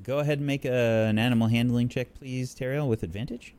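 A man narrating a tabletop game as game master, calm and matter-of-fact. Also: medium pitch, fairly quick, smooth.

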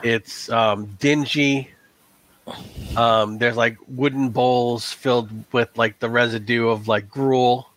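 A man's voice: medium pitch, fairly even intonation, slow, fairly bright tone. A man narrating a tabletop game as game master in a casual, rambling way, with lots of "like" and "um.".

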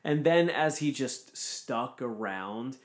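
A man ranting in loose, casual conversation, swearing at nearly every turn. His pitch sits in an ordinary middle range, and his delivery is emphatic and opinionated. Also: expressive, slow. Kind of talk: casual chat.

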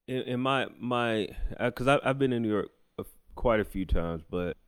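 A young man from the American South in a casual chat, relaxed and laughing often, drawing out his words. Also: medium pitch, normal speed, smooth.

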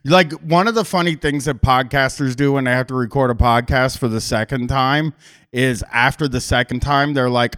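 A man's voice: medium pitch, moderate pace, a bit bright. A man talks casually on his podcast, wandering through a story with plenty of restarts and offhand swearing. His voice sits in an ordinary middle register. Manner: rambling, frequent restarts and swearing. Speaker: podcast host.

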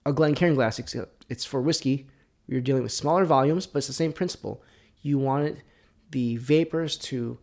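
A man with a gravelly, creaky voice hosts his own podcast and talks casually through a whiskey tasting. He rambles, corrects himself mid-sentence and slips into quiet, muttered asides between louder lines. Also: mid-range voice. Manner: drops to near-whispers between louder bursts. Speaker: podcast host.

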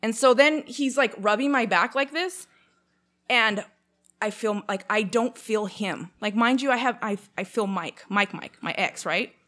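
A woman's voice: a little high, a little slow. A young woman from Canada telling a long personal story in casual chat, with lots of fillers and acted-out quotes. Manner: animated, many fillers, acts out quotes.

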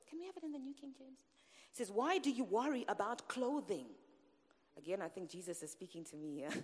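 Woman preacher, bright and animated sermon delivery, high-ish voice, church hall reverb. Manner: lively, animated preaching with calls to the congregation.

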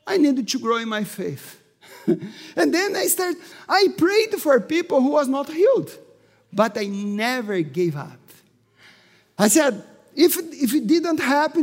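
A male pastor with preaching a sermon with fervor, often raising his voice to a shout. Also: extremely high pitch. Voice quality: non-native English, slightly broken grammar. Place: church hall. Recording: long hall reverb.

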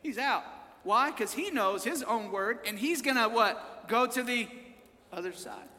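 A male pastor preaching a sermon at a church service, working the crowd with call-and-response, repeated phrases and rising shouts. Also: very high voice, measured pace, long reverb tail.

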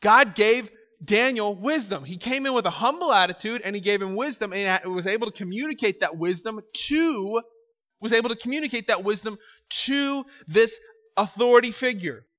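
A male pastor preaching a sermon in a high voice. He speaks emphatically and keeps throwing rhetorical questions to the congregation. The recording is slightly muffled. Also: lively intonation, moderate pace, in a large hall. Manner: emphatic, asks rhetorical questions, calls out "Amen?".

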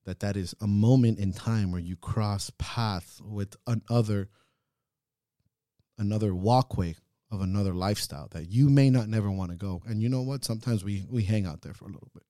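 A man co-hosting a podcast, talking in an earnest, reflective way that swings into loud, laughing rants. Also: fairly low pitch, normal speed, dry recording, clean studio sound. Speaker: podcast co-host. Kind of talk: casual reflective chat.

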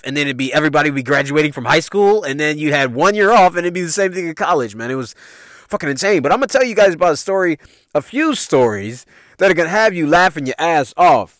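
A man's voice: on the high side, fairly bright tone, no room sound, clean studio sound. A man in his forties from Chicago, with a Chicago accent, hosting a casual storytelling podcast in a loose, profane way and laughing at his own jokes. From Chicago, USA. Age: 40s. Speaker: podcast host.

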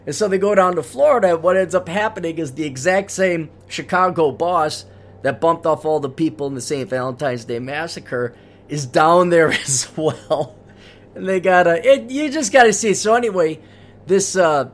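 A middle-aged man hosting a podcast, telling a rambling story in a casual monologue with many restarts. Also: fairly high pitch. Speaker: podcast host.

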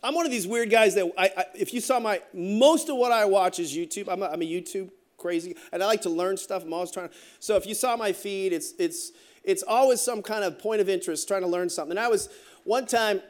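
High-voiced man preaching a jokey sermon. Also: a little fast. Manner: joking storytelling asides, animated delivery. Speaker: pastor.

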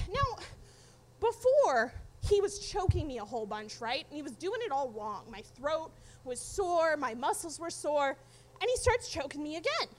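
A woman's voice: high-pitched, sing-song, unhurried. A young adult woman telling a personal story to an audience, candid, profane and wry.

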